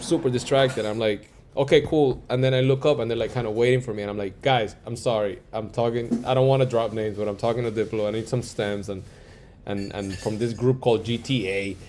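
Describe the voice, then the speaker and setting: Animated man telling studio stories. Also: medium pitch, a little hiss or hum. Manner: animated storyteller, acts out quoted dialogue; frequent fillers like "like" and "yo". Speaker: music producer and engineer. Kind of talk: casual interview chat.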